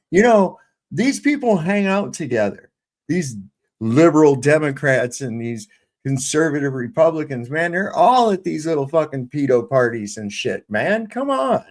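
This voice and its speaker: A man's voice: a little high, big pitch swings, normal speed. An older man ranting in casual, profane, exasperated political chat on a livestream panel.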